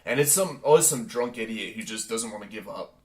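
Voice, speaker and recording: A man's voice: lowish voice, lively intonation, brisk, a little mellow. A man co-hosting a podcast, adding wry remarks in casual chat. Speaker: podcast co-host.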